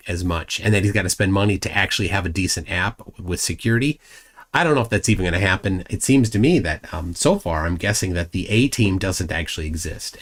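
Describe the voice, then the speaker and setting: Male live-stream host, somewhat low voice, loose rambling delivery full of ums and restarts. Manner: mocking asides to a rival. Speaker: livestream host. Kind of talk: casual live-stream chat.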